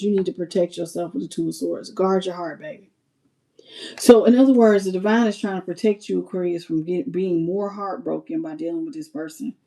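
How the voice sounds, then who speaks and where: A woman's voice: on the low side, a little fast. Chatty woman giving a tarot reading. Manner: chatty and expressive, talks to viewers as "y'all" and "baby". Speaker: tarot reader. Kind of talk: live-streamed tarot reading.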